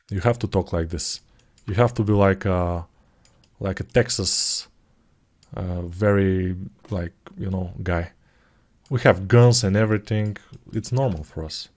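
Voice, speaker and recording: A man in his forties, talking through a live 3D modeling tutorial in a low-key way, murmuring quietly while he concentrates and dropping joking asides. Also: moderate pace. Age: 40s.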